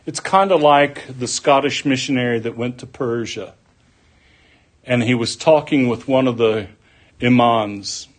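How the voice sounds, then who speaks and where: A man preaching a sermon, deliberate and folksy, mixing scripture with homespun stories. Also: medium pitch.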